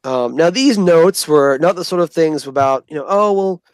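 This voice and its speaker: A man tells a long, profane story to the camera in a relaxed vlog style. His voice sits a bit high, and he leans into the people he quotes. The sound is dry and close, with no room around it. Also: moderate pace, no echo. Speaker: storyteller recounting army basic training.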